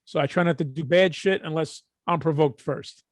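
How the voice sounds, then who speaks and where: A middle-aged man with a Brooklyn accent, co-hosting a podcast and telling stories in a casual, profane, animated way. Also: on the high side, normal speed, no room sound, clean studio sound. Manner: animated, profane, acts out quotes. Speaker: podcast co-host. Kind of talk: casual storytelling.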